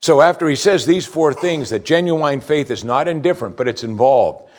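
A man preaching a sermon with emphatic delivery, swinging between loud stress and quiet asides. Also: on the high side, lively intonation, moderate pace, a little hiss or hum. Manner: emphatic preaching, rising and falling in volume. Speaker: pastor.

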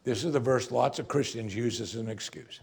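A man preaching a sermon as pastor, asking the congregation rhetorical questions and swinging between emphatic rises and quiet, drawn-out drops. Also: medium pitch, creaky, husky.

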